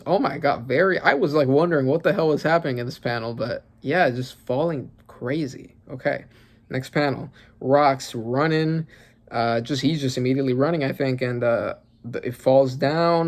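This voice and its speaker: A man hosting a casual reaction commentary, excitable and rambling, often exclaiming and swearing as he goes. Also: mid-range voice. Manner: rambling with many fillers. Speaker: manga reaction channel host.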